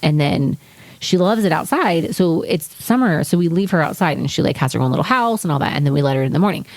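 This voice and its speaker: A woman's voice: low-pitched, animated, quick pace, darkish tone, dry recording. A young woman co-hosting a podcast, chatting casually and acting out quotes as she tells a story, swearing freely. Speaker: podcast co-host. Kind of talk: casual chat.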